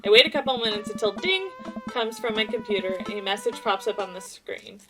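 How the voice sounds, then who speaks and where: A woman game streamer reading a visual novel aloud with jokey, animated asides. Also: medium pitch, fairly quick. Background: soft game music.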